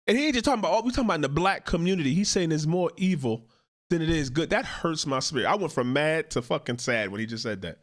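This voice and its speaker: A man's voice: fairly high pitch, expressive, quick pace. A man hosting a reaction commentary, talking in a profane, emphatic and indignant way. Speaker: host, commentator.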